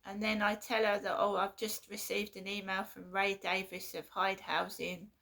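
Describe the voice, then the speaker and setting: A woman vlogging in a casual monologue, halting and repeating herself with an aggrieved tone. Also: mid-range voice, level tone, gravelly, bright, forceful tone.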